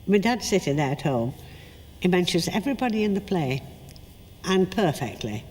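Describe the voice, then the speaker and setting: An older actress telling lively stories about her career in an interview, acting out what people said. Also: fairly low pitch, normal speed, long reverb tail. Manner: chatty anecdotal, acts out quotes. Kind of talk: storytelling interview.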